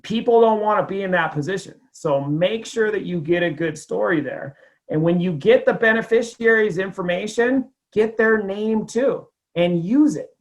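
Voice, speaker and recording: A man's voice: high voice, moderate pace. A man giving a casual sales training talk, telling a client story in a conversational way with lots of fillers.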